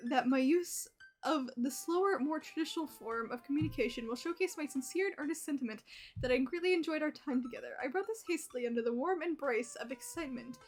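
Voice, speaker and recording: A woman's voice: high-pitched, fast talker, soft background music, natural voice. A woman reading aloud a formal, old-fashioned love letter in the voice of an ornate gothic man from a dating game. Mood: earnest.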